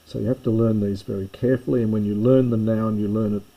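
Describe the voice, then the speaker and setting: A man's voice: fairly low pitch, fairly even intonation, quick pace, muffled recording, slight background noise. A man giving a recorded grammar lesson, explaining step by step with small self-corrections. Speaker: Greek teacher.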